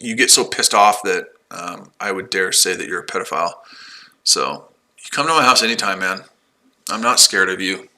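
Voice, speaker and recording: A man's voice: fairly low pitch, sharp tone. A man in his forties talking casually on a livestream, combative and taunting, repeating himself. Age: 40s. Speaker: livestream host.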